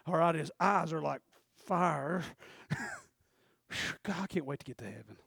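A man preaches with fervor in a high-pitched voice, swinging from shouted peaks down to hushed, confiding asides. The recording is dry and close, with no room echo. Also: animated, unhurried, creaky, breathy edge. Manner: fervent, swings from loud shouting to quiet asides. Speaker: pastor. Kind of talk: sermon.

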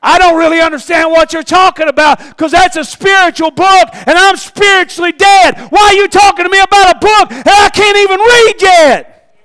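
A man voicing a bewildered, desperate sick man who speaks in exasperated shouts. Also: very high voice, moderate pace, dry recording, pitched above the performer's own voice.

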